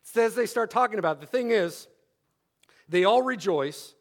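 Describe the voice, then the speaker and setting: A man's voice: high voice, lively intonation, normal speed. A man preaching a sermon, repeating key phrases for emphasis and adding wry humorous asides.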